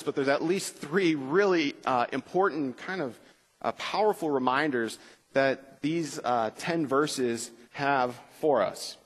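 Male pastor, relaxed Bible-class teacher, slightly high-pitched, recorded with a long gym echo. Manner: relaxed, frequent uh fillers, slows for scripture reading. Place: school gym with bleachers.

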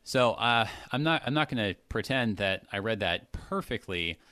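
Man reading scripture with slow emphasis. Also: on the low side, animated, sharp tone, no room sound. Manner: reads slowly with strong emphasis, then chats with fillers and restarts. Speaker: host reading and discussing scripture. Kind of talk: casual Bible discussion.

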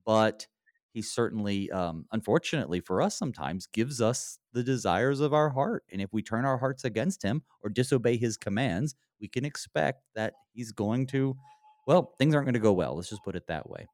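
Male pastor, conversational Bible study, very lively pitch, dry close sound. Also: moderate pace, no echo. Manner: animated, acts out quoted lines in a lifted voice.

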